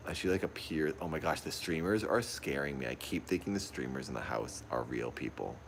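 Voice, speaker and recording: A man livestreaming a horror game from a dark room at home, jumpy and easily frightened, repeating his exclamations over and over while recording on a phone. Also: a bass voice, expressive, fairly quick, a little hiss or hum. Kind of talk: live gameplay commentary. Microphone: phone pointed at the TV.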